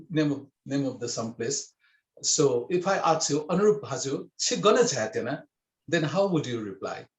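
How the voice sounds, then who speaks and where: A man's voice: fairly high pitch, roomy sound. A man teaching a language class, patiently explaining and checking in with his students. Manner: patient, repeats and checks with "okay?". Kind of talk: online language lesson.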